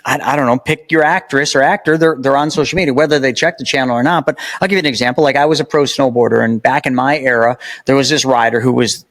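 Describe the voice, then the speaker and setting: Male guest, mid-pitched, emphatic storyteller, chatty and a bit preachy. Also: fairly even intonation, quick pace, few pauses, a bit bright. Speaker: podcast guest. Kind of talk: casual conversation.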